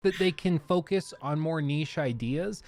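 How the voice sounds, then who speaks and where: A man's voice: on the high side, unhurried, a little mellow. A man presenting a scripted gaming commentary video, explaining his ideas in a self-aware way.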